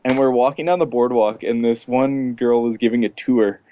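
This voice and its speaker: A man hosting a podcast, telling stories in a relaxed, chatty way and laughing often. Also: mid-range voice, moderate pace, dull audio, a little hiss or hum. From Canada. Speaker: podcast host. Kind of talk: casual storytelling chat.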